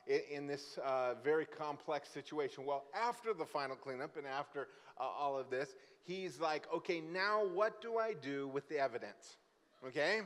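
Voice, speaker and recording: Guy preaching, jokey storyteller, kinda high voice, long church echo. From Brazil. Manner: lively, joking storyteller who acts out the characters. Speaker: guest pastor. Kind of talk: sermon with storytelling. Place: church sanctuary. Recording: church hall with long reverb.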